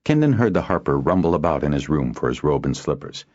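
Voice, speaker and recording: A man reading an audiobook aloud as narrator, in a steady storytelling delivery. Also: extremely low pitch, fast talker, muffled recording. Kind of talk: scripted narration.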